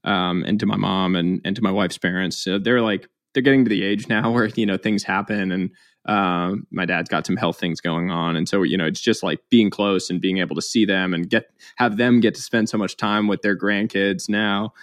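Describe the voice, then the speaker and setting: A man's voice: low-pitched, fairly even intonation, normal speed, no room sound, clean studio sound. A man in his thirties, a podcast guest, speaking candidly and reflectively with a lot of "like" and "um" fillers. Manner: candid, heavy use of "like" and "um". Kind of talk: reflective interview storytelling.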